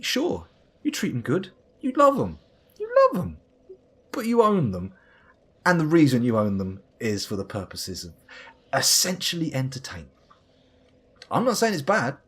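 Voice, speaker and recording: A man's voice: medium pitch, slightly rough. Rambling, theatrical British man streaming a game. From United Kingdom. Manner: rambling, theatrical, swears, talks to the boss. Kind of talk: live gameplay commentary.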